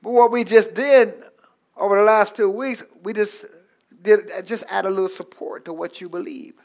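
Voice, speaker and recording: High-voiced gravelly preacher. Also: male voice, steady tone, moderate pace. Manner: call-and-response preaching, repeats lines for the congregation; swings from soft low asides to loud shouted climaxes. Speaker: pastor. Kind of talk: sermon.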